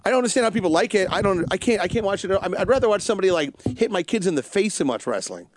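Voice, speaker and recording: A man's voice: sits high, lively intonation, very fast, no room sound. A man co-hosting a casual podcast chat, rambling and joking, often stumbling over his words.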